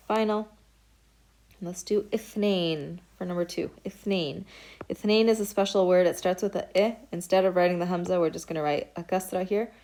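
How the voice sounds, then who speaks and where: A woman's voice: mid-range voice, a little mellow. A woman teaching a recorded beginner Arabic lesson, explaining patiently step by step and saying each word aloud as an example. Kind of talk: recorded lecture.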